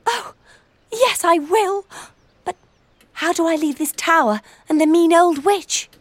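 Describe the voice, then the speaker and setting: A woman voicing a gentle young princess in a children's audio story, with a sweet, earnest delivery. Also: very high voice, unhurried, dry recording.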